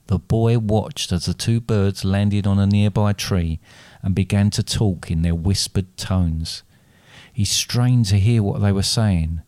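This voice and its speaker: In studio-quality audio with no room sound, a man with a lowish voice narrates his own dark fairy tale in a steady, deliberate storyteller's manner. Afterward he talks with his co-host.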